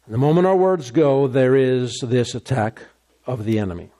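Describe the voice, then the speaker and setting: A man preaching a sermon, emphatic and repetitive, his voice rising high when he gets excited. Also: moderate pace. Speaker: pastor.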